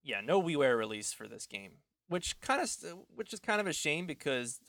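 A man co-hosting a casual podcast chat from home, rambling, self-deprecating, and quick to laugh. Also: a little high, sing-song, creaky, a bit bright, no room sound. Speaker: podcast co-host.

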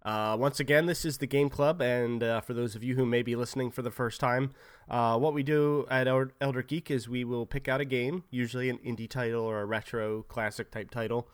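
A man hosting a casual podcast chat from home, relaxed and conversational, hedging his opinions. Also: medium pitch, brisk, smooth, dry recording. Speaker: podcast host.

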